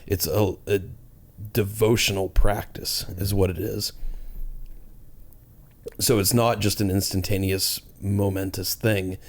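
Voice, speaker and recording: A man's voice: fairly low pitch, flat delivery, slow, pauses often, a little hiss or hum. A man co-hosting a podcast, explaining his ideas in an earnest, casual way and often saying "like". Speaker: podcast co-host.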